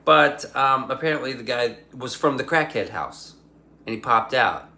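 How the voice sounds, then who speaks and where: A man's voice: medium pitch, lively intonation, normal speed, creaky, sharp tone. A young adult man rambling profanely in casual livestream chat, reading his chat aloud. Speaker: streamer.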